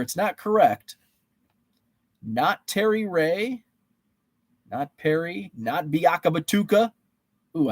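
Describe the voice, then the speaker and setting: A man's voice: a little high, breathy edge, no room sound. Chatty man hosting a card quiz stream. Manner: reads viewer names and answers, chatty and playful. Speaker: host running a trading card guessing game on a live stream. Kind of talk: casual live-stream chat.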